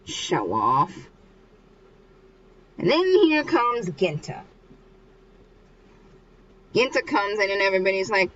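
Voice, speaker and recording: A woman's voice: mid-range voice, wildly swooping pitch, slow, long pauses, highs cut off, slight background noise. Young woman rambling through a story recap. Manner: rambling, acts out characters. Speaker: manga reader. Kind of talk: casual chapter recap.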